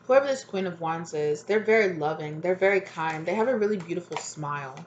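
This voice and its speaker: A woman's voice: fairly low pitch, animated, brisk, muffled recording, slight background noise. A woman reading tarot cards in a casual, chatty way, often checking in with "right?" and "exactly". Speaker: tarot reader.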